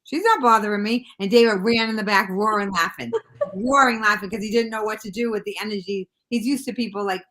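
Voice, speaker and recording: Fast-talking Boston woman telling stories. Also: mid-range voice. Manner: fast, animated anecdote-telling with acted-out quotes. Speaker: guest comedian. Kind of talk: casual storytelling chat.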